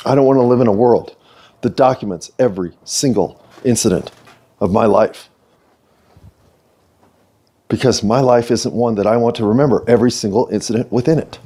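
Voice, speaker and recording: A man's voice: mid-range voice, moderate pace, pauses often, mellow, breathy edge. An American man hosting a solo podcast, talking in a rambling, philosophical, self-deprecating way. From United States. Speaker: podcast host. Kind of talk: reflective solo monologue.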